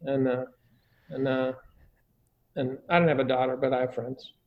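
Crude joking middle-aged man, gravelly. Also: mid-range voice, level tone, moderate pace, highs cut off. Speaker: guest giving parenting advice. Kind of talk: casual conversation.

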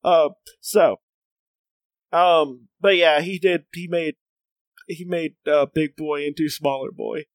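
A man's voice: fairly high pitch, fairly even intonation, slow pace, no room sound. A man co-hosting a casual comics podcast. He reads passages aloud, laughs a lot and often restarts his sentences. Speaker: podcast co-host.

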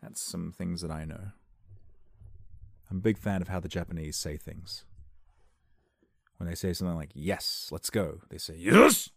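A man's voice: low-pitched, fairly even intonation, moderate pace, creaky, long pauses, no echo, clean studio sound. A young man hosting a casual solo podcast from a dim room at home, rambling playfully and laughing at his own jokes. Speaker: podcast host.

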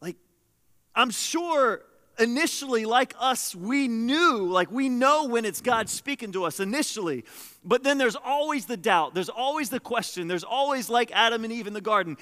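A man preaching a sermon as pastor, shifting between hushed lines and loud, emphatic ones. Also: extremely high pitch, normal speed, long reverb tail. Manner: animated preaching, swings between soft and loud.

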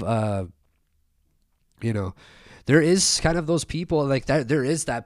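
Rambling, swearing low-voiced man. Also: no room sound, clean studio sound. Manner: rambling, profane, full of fillers and restarts. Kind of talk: casual rambling storytelling.

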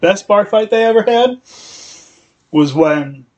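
A man's voice: high voice, lively intonation, slow, a little mellow, muffled recording. A man co-hosting a podcast, rambling through a casual recap with fillers and acted-out dialogue. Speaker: podcast co-host. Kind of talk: casual chat recapping a TV episode.

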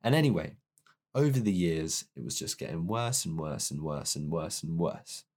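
A man's voice: a bass voice, sing-song, moderate pace, darkish tone. A young man candidly telling a personal story in a rambling, self-deprecating way.

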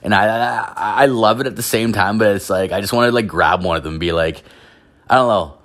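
A man's voice: fairly low pitch, fairly quick, a bit bright. A man ranting casually, rambling with constant filler words and heavy swearing. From Canada. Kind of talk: profane casual rant.

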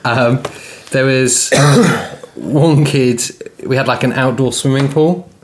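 A man's voice: mid-range voice, slow pace, slight background noise. A man co-hosting a podcast, telling stories in casual banter and laughing often. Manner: jokey, laughs often, lively storytelling. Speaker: podcast co-host.

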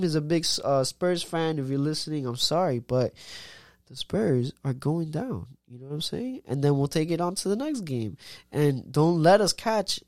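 Excitable American guy trash-talking football. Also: fairly high pitch, no room sound, studio quality. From United States. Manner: excitable trash-talk, repeats "guy" over and over. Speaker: podcast co-host. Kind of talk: casual sports banter.

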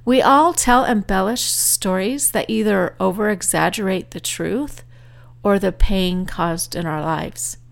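A woman's voice: medium pitch, creaky. A woman author giving a motivational talk, earnestly telling a personal story. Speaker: author and speaker.

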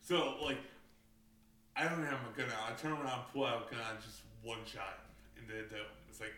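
A man's voice: medium pitch, fairly even intonation, moderate pace, sharp tone, slight background noise. A man telling gaming stories in a casual chat, profane and full of fillers. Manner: profane, storytelling, frequent fillers. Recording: roomy, distant mic, faint ambience.

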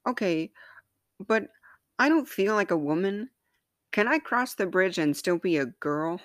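A woman's voice: mid-range voice, lively intonation, unhurried, dry recording, clean studio sound, pitched above the performer's own voice, lightly acted. A woman voicing the Heart as an anxious, girlish figure who clings to childhood and pleads near tears in a storybook reading. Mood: hesitant.

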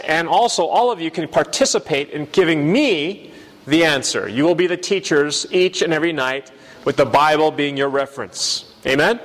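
A man preaching a sermon, telling a story in an animated way and then putting questions to the room. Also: high-pitched, long reverb tail. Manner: animated storyteller, bleats like a lamb.

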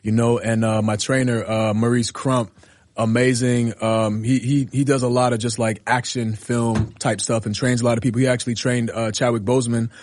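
A man who is a professional wrestler, guest on a radio interview, telling stories in a lively way and often asking "you know what I'm saying". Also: medium pitch, normal speed. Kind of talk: casual radio interview storytelling. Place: radio studio.

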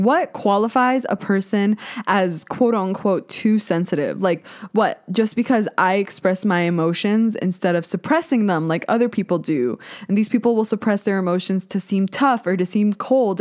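A young woman hosting a solo podcast, talking in a blunt, casual, animated rant with plenty of swearing. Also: mid-range voice. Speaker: podcast host.

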